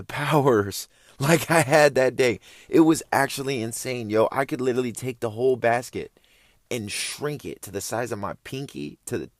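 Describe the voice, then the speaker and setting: A man's voice: medium pitch, no room sound, clean studio sound. A young man casually telling a story, laid-back and slangy, rambling along with loose phrasing.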